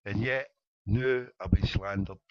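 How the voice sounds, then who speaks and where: A man with a lowish voice speaks a little slowly as he hosts a casual live internet radio show. Reading the chat, he jokes with mock indignation, and the audio is dry, dull, and lo-fi with no echo.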